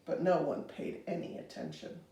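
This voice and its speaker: A woman reading a children's storybook aloud in an expressive, animated way. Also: moderate pace, distant mic. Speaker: storybook reader. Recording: roomy, reader away from mic.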